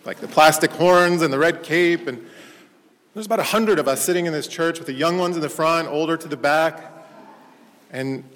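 A man's voice: on the high side, moderate pace, big-room sound. A man, a parish priest, giving a sermon in a conversational storytelling manner. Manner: storytelling, conversational, animated in anecdotes. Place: church.

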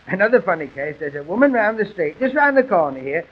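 A man playing a weary, rambling police constable, telling deadpan comic stories on a dull old gramophone recording. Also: high voice, quick pace, slightly rough, full character voice. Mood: chatty. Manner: chatty, rambling, self-pitying with deadpan gags. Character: weary, grumbling male police constable on the beat. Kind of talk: music-hall comic monologue and patter.

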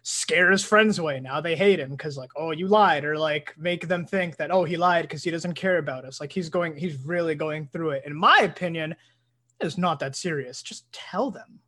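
High-voiced young man teasing his co-host. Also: moderate pace, sharp tone. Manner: teasing, dry ribbing. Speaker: podcast co-host. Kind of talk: casual chat.

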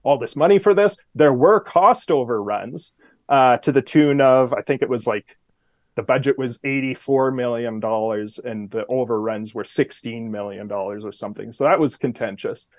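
A man talking as a guest commentator in a casual interview, relaxed and full of fillers, sometimes shifting his voice to quote people. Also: medium pitch, normal speed, no echo. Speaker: guest commentator on city politics.

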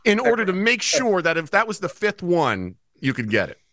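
A man's voice: sits high, big pitch swings, moderate pace, bright, forceful tone. A man hosting a podcast in casual, joking banter with his guests. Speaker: podcast host. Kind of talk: casual chat.

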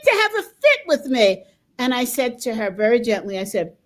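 An older woman hosting a talk show, chatting casually and breaking into laughter often. Her voice sits a little high as she tells lively stories. The delivery stays relaxed and conversational throughout. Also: moderate pace.

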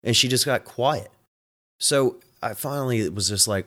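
A man's voice: mid-range voice, moderate pace, pushed and bright. A man hosting his own show, a home health nurse telling a work story in a casual, exasperated way, often swearing.

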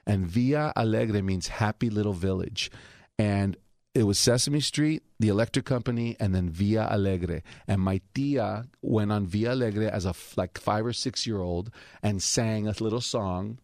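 A man with a gravelly, fry-tinged voice tells family stories in a lively, animated way, slipping into his relatives' voices. The sound is dry and close, with no room echo. He is a talk show guest speaking in a recording studio. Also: lowish voice, moderate pace. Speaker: guest storyteller. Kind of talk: casual anecdote on a talk show.

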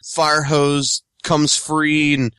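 A man's voice: a little high, completely flat delivery, drawn-out words, sharp tone, clean tone, no echo, clean studio sound. A man co-hosting a casual movie chat, wry and joking, laughing along. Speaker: podcast co-host.

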